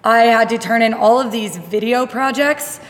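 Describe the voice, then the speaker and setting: A woman who coaches fitness, chatting on a podcast in a lively, self-deprecating way and laughing often. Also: on the high side, normal speed. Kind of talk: casual podcast chat. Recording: long reverb in a hard room.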